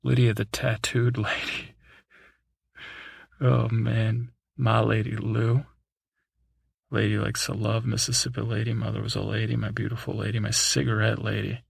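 A man's voice: fairly low pitch, flat delivery, moderate pace, gravelly, husky, dry recording, clean studio sound. A man hosting a sleep podcast, reading through a long list in a drowsy way, with chuckles, asides and bits of song. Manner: breaks into snatches of song. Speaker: podcast host.

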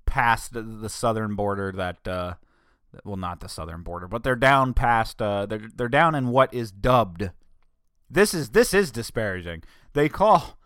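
A young man from northern Delaware talks through his solo podcast in a loose, rambling way, circling back on himself and tossing in jokes. His voice sits at an ordinary middle pitch. The recording is dry and close, with no room echo. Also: a bit bright, smooth. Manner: rambling, self-correcting, joking asides. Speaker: podcast host. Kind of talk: casual solo podcast monologue.

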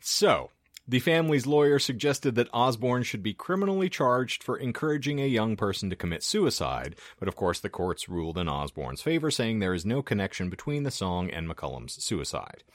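A podcast host talking casually, dropping wry sarcastic asides. His pitch moves a lot, making him sound animated. The recording is close and dry. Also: normal speed, no echo.

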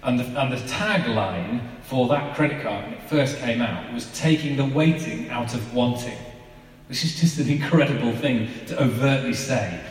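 A man's voice: medium pitch, moderate pace, few pauses. A man, giving an informal, chatty sermon and asking his listeners rhetorical questions. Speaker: preacher. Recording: echoey hall from far off.

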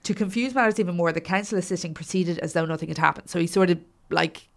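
A woman's voice: lowish voice, fast talker, vocal fry. A woman co-hosting a podcast, retelling a court scene by reading dramatically and adding casual asides. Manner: storytelling, dramatic read-aloud with asides. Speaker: podcast co-host. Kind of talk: casual chat and reading aloud.

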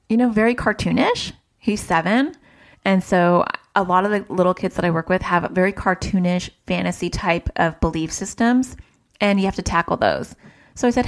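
Woman therapist, thirties, low voice, chatty, animated parenting advice. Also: brisk. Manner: chatty, animated when quoting family. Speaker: child therapist and parenting coach. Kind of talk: casual advice talk.

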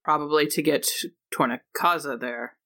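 A woman's voice: low-pitched, moderate pace, sharp tone. A woman playing a tabletop game, asking questions and planning moves. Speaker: player. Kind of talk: casual tabletop game chat.

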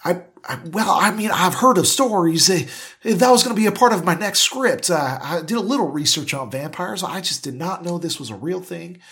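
A man plays a bewildered scriptwriter in a tabletop game who stammers through his lines. His voice is very husky and swings widely in pitch. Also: lively intonation, normal speed, fairly bright tone, full character voice. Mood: confused. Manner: stammering, flustered. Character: confused stammering male scriptwriter.

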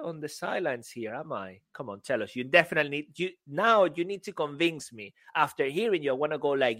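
A man co-hosting a podcast in casual banter, excitable and teasing, often laughing. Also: on the high side, fast, hardly any pauses. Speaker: podcast co-host.

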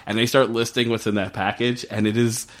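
A man's voice: medium pitch, level tone, a little fast. Rambling, profane man chatting casually. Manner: rambling, profane, heavy use of "like". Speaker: podcast co-host. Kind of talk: casual chat reviewing a TV show.

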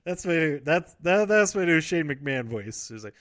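A man's voice: fairly high pitch, very animated, normal speed, fairly bright tone, no echo, studio quality. A man casually recapping wrestling events, rambling, correcting himself and laughing often.

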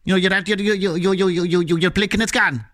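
A rapid, stammering Kerry voice, pitched well above a plain speaking voice, as a man puts it on. The delivery is dry and close, a comic impression made for laughs. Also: fairly even intonation, fairly bright tone, dry recording. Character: exaggerated quick-talking Kerry man.

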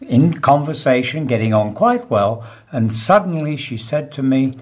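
This is a man hosting a radio chat, spinning jokes and stories against himself. His voice is husky and swings widely in pitch. He speaks slowly and savours each punchline. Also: sing-song, a little mellow. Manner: dry, self-mocking storyteller who laughs at his own punchlines. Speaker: radio host.

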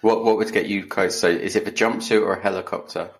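A man's voice: low-pitched, steady tone, fast talker. A man co-hosting a podcast, chatting casually and telling stories with dry, self-mocking humor. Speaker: podcast co-host. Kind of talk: casual chat.

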